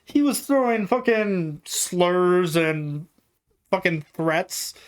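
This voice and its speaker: A woman's voice: on the low side, lively intonation, takes it slowly. A woman co-hosting a podcast, ranting bluntly about a customer in casual chat, swearing freely. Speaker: podcast co-host.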